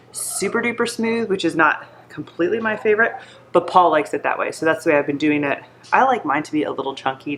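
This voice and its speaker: A woman's voice: fairly low pitch, a bit bright, slight background noise. A young woman who is congested from allergies, chatting in a rambling, friendly way as she cooks in her home kitchen. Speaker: home cooking vlogger. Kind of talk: casual chat.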